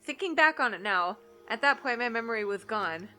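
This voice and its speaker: A woman reading the lines of a calm, reserved teenage girl detective, explaining in a cool, measured way. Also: a little high, soft background music. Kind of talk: reading game dialogue aloud.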